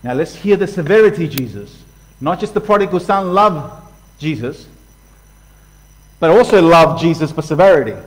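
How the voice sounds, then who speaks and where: Aussie pastor preaching, highish voice, goes loud then real quiet, does little voices. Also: male voice, animated, normal speed, pauses often, low-quality recording. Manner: passionate, swings from loud to hushed; acts out voices for illustration. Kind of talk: sermon.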